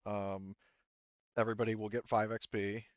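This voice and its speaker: A man with a lowish voice runs a tabletop session as game master, thinking aloud through the rules. He hedges with ums and uhs as he explains. The sound is dry and a little dull and lo-fi. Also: flat delivery, normal speed, dry recording. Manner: hesitant, lots of ums and uhs.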